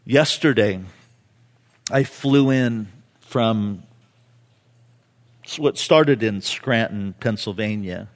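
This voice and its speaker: A man preaching a sermon with personal stories, impassioned, swinging from hushed to loud and pleading. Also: fairly low pitch, slow pace, pauses often. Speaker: pastor.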